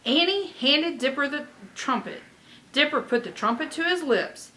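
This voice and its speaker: A woman reading a children's chapter book aloud with expressive delivery and chatty asides. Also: sits high, moderate pace, poor audio. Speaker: reader.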